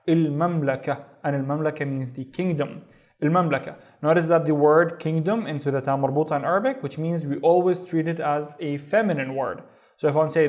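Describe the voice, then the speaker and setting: A man teaching a beginner reading lesson, sounding out syllables slowly and patiently and repeating each word. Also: fairly high pitch, darkish tone. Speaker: language teacher.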